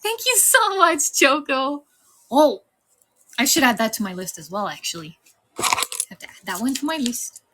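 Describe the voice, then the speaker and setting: A woman's voice: a little high, expressive, moderate pace, pauses often, fairly bright tone, slightly rough. A young woman streamer chatting casually on a live stream, giggling often as she thanks viewers and reads the chat.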